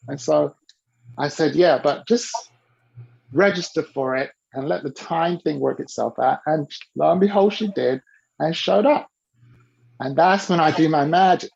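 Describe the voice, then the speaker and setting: Man, business coach, animated storytelling, acts out quotes, raspy, dull lo-fi sound. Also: fairly high pitch, moderate pace. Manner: acts out quoted dialogue with lively shifts in voice; coaching tone, tells the listener to repeat key rules. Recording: dull lo-fi recording.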